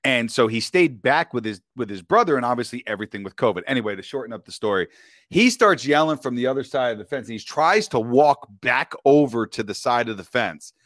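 A man's voice: medium pitch, expressive, fairly quick, a bit bright, no echo, clean studio sound. A man, a podcast guest, telling a story in casual chat, talking in slang and keeps asking "you know what I mean".

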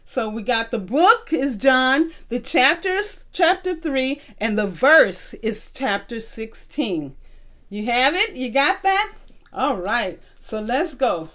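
On a recorded tape, a woman with a high-ish, rather bright and very animated voice teaches a children's Bible lesson. She goes slowly and patiently, using call-and-response so the class repeats verses after her.

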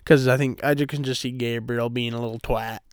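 Man, podcast host, brash foul-mouthed chat, smooth clear voice. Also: mid-range voice, steady tone, brisk, no room sound, clean studio sound. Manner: brash, swearing heavily. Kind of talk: crude casual podcast banter.

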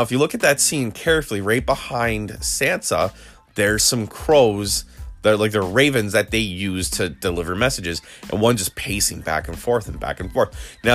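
A man casually recapping a TV episode, rambling with frequent restarts and quick quoted lines. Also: on the low side, a bit bright. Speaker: video creator recapping a TV episode.

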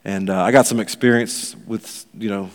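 A pastor giving a sermon, telling a story in a loose, conversational way full of fillers. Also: male voice, fairly low pitch, steady tone, moderate pace, big-room sound.

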